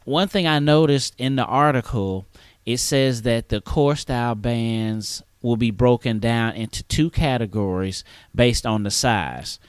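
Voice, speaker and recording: A man speaks on a podcast panel with a lively, swinging intonation and a smooth, resonant voice. He thinks aloud in a conversational way, recorded dry and close. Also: medium pitch, no room sound. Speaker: podcast guest. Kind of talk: casual panel discussion.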